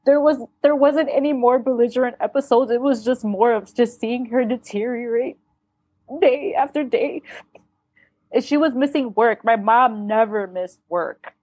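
A woman speaking as a podcast guest, telling a painful family story in a candid, blunt way, with halting restarts and some swearing. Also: on the high side, a little mellow, breathy edge, dry recording. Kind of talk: emotional personal storytelling.

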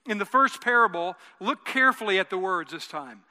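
A high-pitched, very bright male pastor preaching a conversational sermon in a church. He often repeats and restarts phrases and has the congregation say lines back with him. His voice carries a long hall reverb. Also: animated, brisk. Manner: repeats words and restarts phrases while building a point. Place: church sanctuary.

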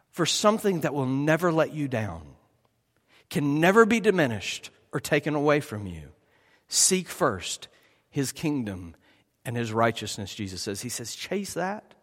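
A man preaching a sermon in a conversational way, often checking in with his listeners with a quick "right?". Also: fairly high pitch. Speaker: pastor. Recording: long hall reverb.

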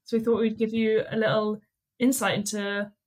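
A young woman, a student, co-hosting a podcast in a relaxed, joking, conversational way. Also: fairly high pitch, normal speed. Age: young adult. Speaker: podcast co-host. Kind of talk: casual chat.

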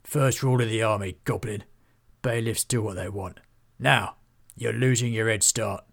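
A man voicing a gruff, bullying male sergeant of bailiffs in a storybook reading, mocking and bossy. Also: lowish voice, normal speed.

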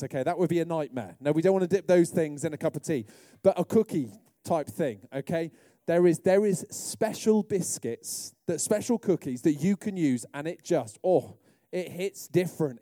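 Lively British man preaching. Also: high-pitched, no echo, clean studio sound. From Britain. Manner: lively, humorous storytelling. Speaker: pastor. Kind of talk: sermon.

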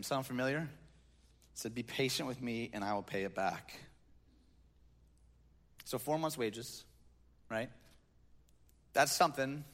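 A man preaching a sermon from a stage, reading scripture and breaking into conversational, joking asides. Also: medium pitch. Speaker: pastor. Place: church stage.

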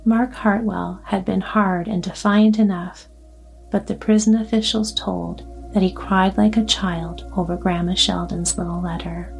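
A woman narrating a bedtime story in a soft, slow, calm way. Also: medium pitch, vocal fry. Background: soft background music.

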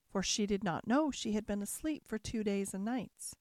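Woman reading a bedtime fairy tale, calm and steady, mid pitch, dry sound. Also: moderate pace, few pauses, no room sound. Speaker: storyteller. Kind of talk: bedtime story narration.

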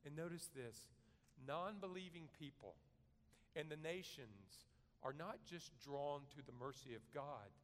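A man preaching a sermon, earnest and measured, rising to loud emphasis and then dropping to a soft, quiet delivery. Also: fairly high pitch, lively intonation, in a large hall. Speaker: pastor.

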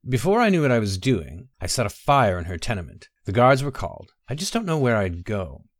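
A man's voice: mid-range voice, sing-song, a little fast, no room sound, studio quality, lightly acted. A man playing a tormented young man in a storybook reading, his speech strained and brooding. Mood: haunted.

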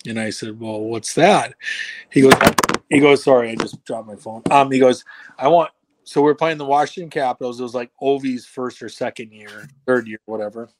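A man's voice: mid-range voice, fairly quick, darkish tone, slight background noise. A man telling a long, rambling story on a podcast in a casual way, acting out other people's lines with plenty of restarts and swearing. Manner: acts out quoted dialogue. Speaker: podcast guest.

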